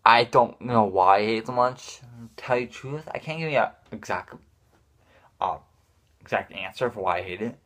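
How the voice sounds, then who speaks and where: A man's voice: lowish voice, normal speed, a bit bright. A man ranting casually to his viewers, frustrated and swearing often, restarting his sentences. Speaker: gaming vlogger.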